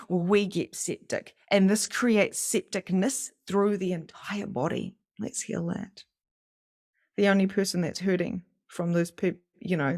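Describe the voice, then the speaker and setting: A woman giving a casual spiritual lesson to camera in an expressive style, acting out inner voices and swearing now and then. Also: medium pitch. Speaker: psychic medium and spiritual teacher.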